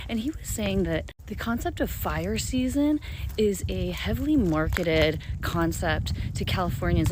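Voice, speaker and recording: A woman's voice: mid-range voice, low-quality recording. A woman talking casually to camera, earnestly passing on a friend's view. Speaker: social media commentator. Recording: faint background noise.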